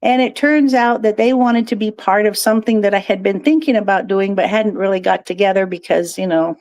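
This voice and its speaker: A woman's voice: mid-range voice, steady tone, fairly quick, a little mellow, no room sound. A woman guest talking in a chatty, digressive way and laughing often. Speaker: guest, crystal shop owner. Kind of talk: casual interview chat.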